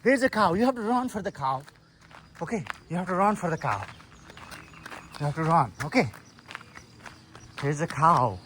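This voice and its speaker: A man's voice: sits high, a bit bright, slight background noise. Coaxing man. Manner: coaxing, sing-song talk to a toddler, mixing English and Nepali. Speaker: vlogger and father. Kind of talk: casual family vlog narration. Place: outdoors on a farm.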